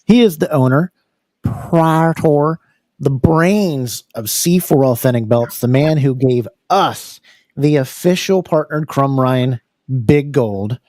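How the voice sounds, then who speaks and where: An American man hosting a live podcast, energetic and full of fillers, repeating words as he goes. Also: mid-range voice, takes it slowly, no echo, clean studio sound. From United States. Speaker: podcast host. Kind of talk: casual live podcast chat.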